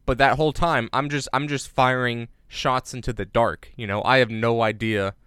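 A man co-hosting a podcast in casual chat, rambling with jokey deadpan asides. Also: medium pitch, normal speed, clear, resonant tone, dry recording, studio quality. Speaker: podcast co-host. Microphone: remote recording on separate devices.

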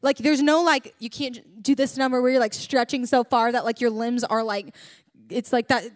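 A young woman delivers a church message in a high, bright voice, mixing preaching with a chatty personal story full of filler words. The sound is close and dry, with no room echo. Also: steady tone, moderate pace. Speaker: church speaker. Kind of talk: sermon.

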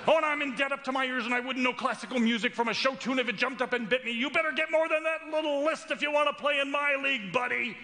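A brash man bellows boasts and taunts from the back of a crowd, his voice pitched high and shouting. He sounds bright and forceful, as a preacher puts him on, and it all rings out with a long hall reverb. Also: quick pace, few pauses. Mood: boastful taunting.

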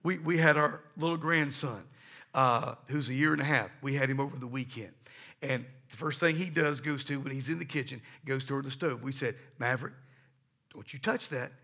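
Gravelly, bright middle-aged male preacher. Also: mid-range voice, a little fast. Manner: call-and-response with the congregation; emphatic, storytelling preacher. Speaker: pastor. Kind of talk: sermon.

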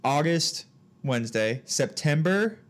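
A man's voice: fairly high pitch, lively intonation, slow. A young man co-hosting a podcast in casual chat, trailing off and restarting mid-thought. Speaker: podcast co-host.

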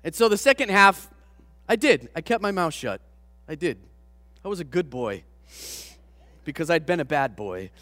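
A man preaching, a pastor telling a personal story to his congregation with animated, self-deprecating humor. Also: fairly high pitch, normal speed, pauses often, no room sound, long reverb tail, faint music behind. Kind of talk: storytelling sermon.

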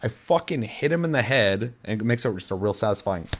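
A man's voice: fairly low pitch, expressive, brisk, slight background noise. A young man chatting casually on a podcast, rambling and swearing, with lots of filler words. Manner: rambling, profane storytelling with many fillers. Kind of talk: casual chat.

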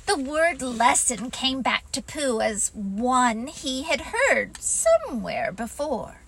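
A woman reads a storybook aloud, gentle and expressive, her unhurried voice sitting high and bright. Her pitch moves lively through each sentence. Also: slightly rough, low-quality recording. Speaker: narrator. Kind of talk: storybook reading.

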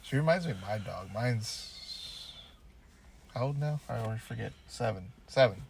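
A man's voice: fairly low pitch, animated, normal speed, gravelly, a little hiss or hum. A man co-hosting a podcast, chatting casually and telling loose, profane stories, with now and then a goofy voice. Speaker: podcast co-host. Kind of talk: casual chat.

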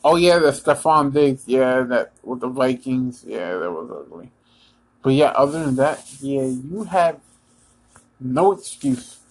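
An American man runs through his weekly football picks in a loose, unscripted way. He stops and restarts often and fills gaps with ums. His pitch sits in a middle range for a man. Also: expressive, low-quality recording. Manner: halting, many ums and restarts; Eagles fan, talks straight to listeners. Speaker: sports vlogger giving picks. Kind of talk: casual predictions monologue.

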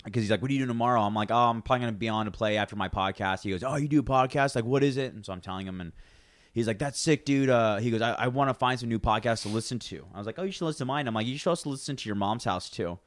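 A man's voice: medium pitch, very fast, no echo, clean studio sound. A man in his twenties, co-hosting a podcast in casual chat, rambling with restarts and acting out what people said. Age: 20s. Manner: rambling, restarts, acts out quoted voices. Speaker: podcast co-host.

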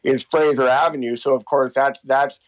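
A man's voice: mid-range voice, steady tone, normal speed, low-quality recording. A man in his fifties tells stories casually in an interview, rambling with many fillers and restarts. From Canada. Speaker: interviewee, walking tour guide. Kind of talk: casual storytelling.

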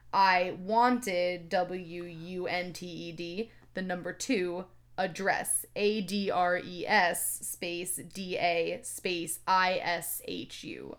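A woman's voice: lowish voice, a bit bright. A woman co-hosting a comedy podcast, reading a fanfic aloud in a sardonic, exasperated way and swearing freely. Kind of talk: casual comedic read-along.

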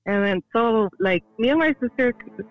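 Guest storyteller: woman, high-pitched, chatty with many fillers, slightly muffled audio. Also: lively intonation, moderate pace. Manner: chatty, heavy use of "like" fillers. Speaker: podcast guest. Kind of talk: casual storytelling.

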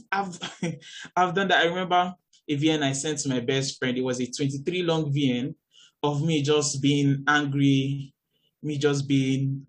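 Earnest young Nigerian preacher. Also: male voice. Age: young adult. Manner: earnest and animated, with sudden high exclamations. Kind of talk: sermon.

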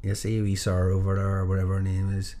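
A man's voice: deep voice, completely flat delivery, fast talker, mellow, slight background noise. A young man with a Northern Irish accent in casual chat, rambling, swearing and acting out what people say. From Northern Ireland. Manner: rambling, sweary, acts out quotes.

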